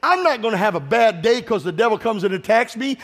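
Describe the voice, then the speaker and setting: A man's voice: high voice, animated, brisk, a bit bright. A man preaching a sermon to his congregation, urging them to call out responses and telling stories from his own life. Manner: exhorting, calls for congregation responses, tells personal stories. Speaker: pastor. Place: church sanctuary with congregation. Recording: long reverb of a large hall.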